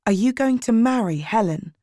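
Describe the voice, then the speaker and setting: A woman's voice: fairly high pitch, lively intonation, moderate pace, mellow, no room sound, studio quality, voice pushed up, natural voice. A woman voicing a hurt, angry teenage girl with blunt, defiant replies in a storybook reading.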